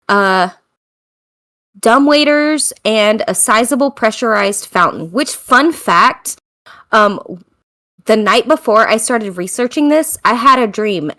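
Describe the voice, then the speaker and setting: A woman's voice: medium pitch, a bit bright. American woman hosting a podcast, tired, rambly, laughs a lot, mid voice. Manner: chatty, laughs often, loose and self-mocking. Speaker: podcast host. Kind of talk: casual chat.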